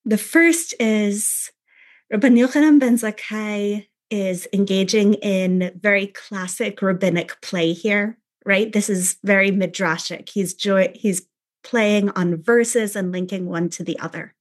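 A woman's voice: mid-range voice, takes it slowly. A woman teaching a text study, reading quoted lines aloud and then explaining them with frequent "right?" asides.

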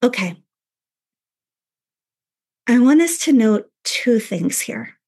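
Woman teaching a text, quite high-pitched. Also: animated, slow pace, gravelly, a little mellow. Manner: reads quoted lines aloud, then explains with many "right?" asides. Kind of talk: text study lecture.

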